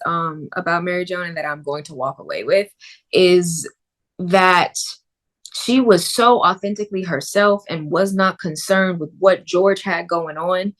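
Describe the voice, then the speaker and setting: A woman actress talking about her film role in a casual interview, telling stories in an expressive, animated way. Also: lowish voice.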